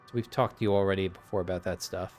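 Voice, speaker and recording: A man's voice: low voice, fairly even intonation, quick pace, darkish tone, faint music behind. A tired man giving casual, rambling commentary on a video game, often hesitating and correcting himself. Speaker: let's play host.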